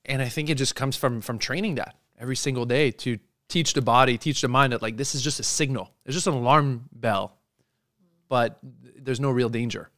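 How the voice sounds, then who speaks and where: A man's voice: medium pitch, moderate pace, a bit bright, no room sound. Earnest man answering, dry close sound. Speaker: guest, endurance athlete. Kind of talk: casual interview answers.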